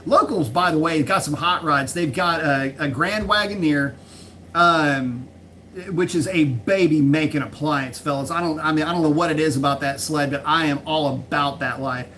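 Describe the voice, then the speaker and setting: A man with a slightly higher voice hosts a relaxed livestream about cars. He reads chat comments aloud and answers them in a loose, chatty way, with plenty of fillers, the odd curse and a laugh at his own mistakes. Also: moderate pace, a little hiss or hum. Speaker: livestream host reading chat.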